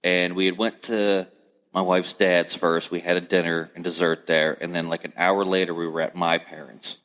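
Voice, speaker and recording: A man with a deep, low-pitched voice hosts a relaxed podcast conversation. He tells stories with energy and slips into the voices of the people in them. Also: moderate pace. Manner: animated storyteller, acts out family voices. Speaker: podcast host. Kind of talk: casual chat.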